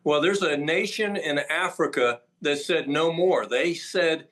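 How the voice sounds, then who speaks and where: A man's voice: fairly high pitch, unhurried, a bit bright. A man speaking as a doctor who is an interview guest, emphatic and listing his points one after another with frequent "uh" fillers.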